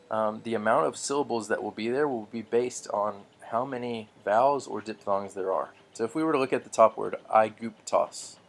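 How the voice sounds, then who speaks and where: A man teaching a relaxed lesson on Greek pronunciation, patient and slow, with frequent ums and restarts. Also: on the low side, creaky.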